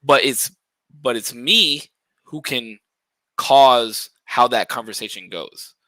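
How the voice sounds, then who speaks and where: A man who is a game streamer, guesting on a podcast, talking things through in a reflective, casual way with plenty of swearing and shout-outs to stream followers. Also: mid-range voice, takes it slowly, no room sound, rough recording. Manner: reflective, heavy swearing, talks while thanking stream followers.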